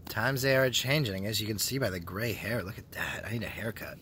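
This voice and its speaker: A man with a bright, forward voice, rambling to his phone camera in an outdoor park. He jokes, teases his viewers and swears freely, with faint traffic humming somewhere behind him. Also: lowish voice, a little fast. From Canada. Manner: joking, teasing, swears freely. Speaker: vlogger. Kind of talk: casual rambling monologue to camera.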